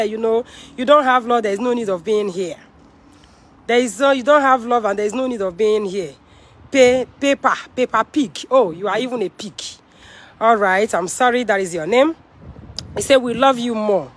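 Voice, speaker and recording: A woman's voice: a little high, normal speed. A Nigerian woman on a live stream, talking to her fans in an emphatic, preaching way, repeating her phrases and mixing Pidgin with English. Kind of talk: livestream talk with preaching.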